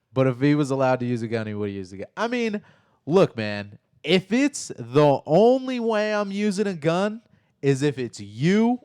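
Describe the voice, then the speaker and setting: A man co-hosting a casual live chat, telling stories in a profane, animated way. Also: mid-range voice, clean tone, no room sound, studio quality. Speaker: podcast co-host.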